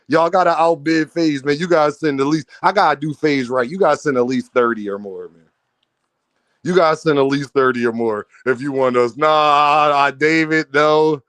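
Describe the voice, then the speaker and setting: A man hosting a casual livestream, reading out donations and talking straight to his chat, animated and laughing often. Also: on the high side, normal speed, dry recording. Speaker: livestream host.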